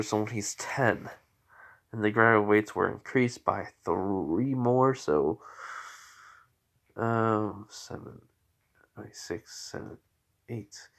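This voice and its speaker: A man's voice: lowish voice, gravelly, fairly bright tone. A tired man casually telling an unscripted fan story, rambling and correcting himself with many fillers. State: tired, yawning.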